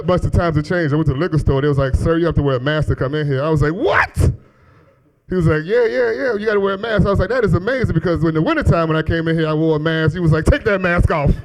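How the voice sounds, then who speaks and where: Deep-voiced man doing profane stand-up. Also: fast, rough recording. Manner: profane, animated storytelling with exaggerated quoted voices. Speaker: stand-up comedian. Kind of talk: stand-up comedy set. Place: comedy club stage with live audience. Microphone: handheld stage mic.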